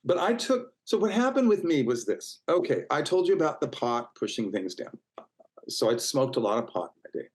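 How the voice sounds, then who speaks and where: Fairly high-pitched and sing-song, a man in his sixties talks at normal speed over a rough recording. He's a casual interview guest who tells stories in a warm, chatty way, restarting often, filling gaps, and voicing the people he quotes.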